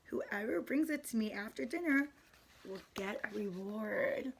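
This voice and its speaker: A woman's voice: a little high, expressive, measured pace, gravelly, a little hiss or hum. A woman reading as a firm, kindly father. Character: kindly strict father leading a holiday meal.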